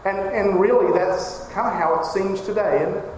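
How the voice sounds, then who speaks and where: A man's voice: high-pitched, normal speed. A man preaching a sermon as pastor, emphatic and crying out when he quotes scripture. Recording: echoey hall reverb, faint noise.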